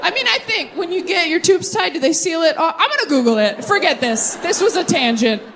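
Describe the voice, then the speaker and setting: A woman in her thirties doing stand-up with crowd work, self-mocking and quick with asides, on a club stage. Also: extremely high pitch, animated, background noise. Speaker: stand-up comedian. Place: comedy club stage with audience.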